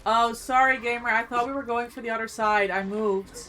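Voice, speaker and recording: A woman's voice: on the high side, fairly even intonation, a little fast, sharp tone. A woman streamer chatting casually with viewers while gaming, reacting to the play and greeting chat, eating as she talks.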